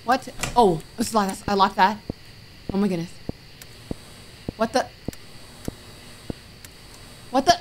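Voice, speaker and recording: A woman's voice: mid-range voice, takes it slowly, long pauses, slight background noise. A woman streamer playing a horror game, reading the on-screen text aloud, muttering item names and letting out jumpy, frightened exclamations. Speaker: gaming streamer. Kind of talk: let's-play commentary.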